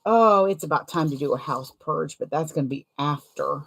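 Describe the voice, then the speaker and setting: A woman's voice: sits low, moderate pace, vocal fry, fairly bright tone. A young adult woman chatting casually while sewing, rambling and self-deprecating, laughing often and wincing from a sore foot. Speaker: sewing vlogger.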